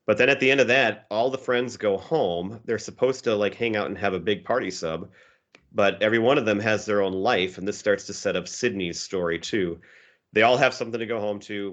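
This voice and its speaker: A man's voice: on the low side, highs cut off. A man co-hosting a podcast, retelling a comedy film scene by scene in casual chat and acting out lines from it. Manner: animated storytelling, acting out quotes. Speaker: podcast co-host. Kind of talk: casual movie recap chat.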